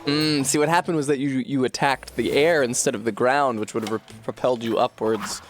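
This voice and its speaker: A man's voice: medium pitch, brisk, few pauses, faint music behind. A man chatting casually while streaming a game, joking and swearing through rambling asides.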